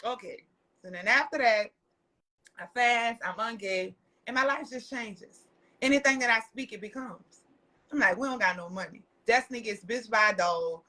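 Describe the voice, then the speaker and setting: A woman tells stories as a podcast guest. Her voice sits high and sounds bright and forceful. She talks loudly and animatedly, swearing freely and breaking into laughter. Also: normal speed. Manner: loud, animated and profane, laughing often. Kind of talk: casual storytelling chat.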